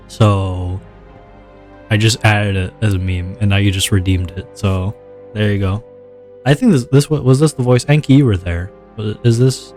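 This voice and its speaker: A male streamer talks loosely to his viewers in a lowered, laid-back voice that sits on the deep side. He rambles and restarts his sentences often, with soft music playing faintly behind him. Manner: deliberately relaxed low voice, rambling with repeated restarts. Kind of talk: casual livestream chat.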